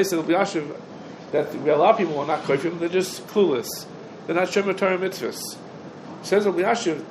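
A man with a slightly higher voice teaches an informal halacha class to a room of listeners. He keeps asking rhetorical questions and answering them himself. His speech is packed with Hebrew terms, with a faint hum of room noise behind him. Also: darkish tone, poor audio. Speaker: Torah teacher.

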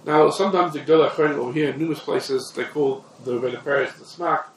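A man's voice: fairly high pitch, fast talker. A man teaching a text-study class on religious law, rambling through his points and repeating and restarting phrases. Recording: echoey room, distant mic, faint background noise.

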